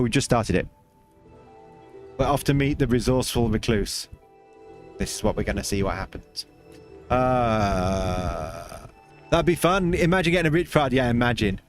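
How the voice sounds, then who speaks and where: Man, casual stream chatter, rambling, mid-pitched voice, faint music underneath. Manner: chatty, reads chat aloud, rambling with restarts. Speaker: livestream host. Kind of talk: casual game livestream chat.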